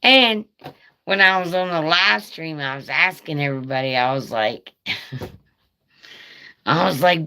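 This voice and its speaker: A woman's voice: low voice, animated, measured pace, creaky, bright, forceful tone. A middle-aged woman telling a rambling story on a live stream, swearing freely and breaking into laughter. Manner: rambling, profane, laughing asides.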